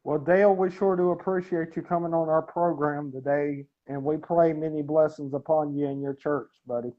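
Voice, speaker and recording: A man hosts a live online show, chatting casually with his guest and the viewers. His voice sits a little higher than most men's. The audio is dull and lo-fi. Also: steady tone, normal speed. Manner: friendly, says buddy and sir. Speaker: show host. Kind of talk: casual interview hosting.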